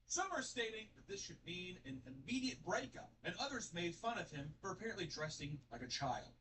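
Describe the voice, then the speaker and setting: A man's voice: high voice, a little fast. A man giving casual, joking reaction commentary on viral videos, swearing freely and acting out quotes. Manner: profane, animated, joking. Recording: distant mic with steady background noise.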